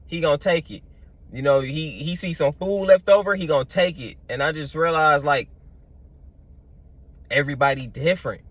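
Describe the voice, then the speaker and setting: A man's voice: a little high, normal speed, long pauses, a bit bright, no room sound. A young man, telling stories in a loose, slangy vlog monologue full of fillers. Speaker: vlogger. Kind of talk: casual storytelling monologue.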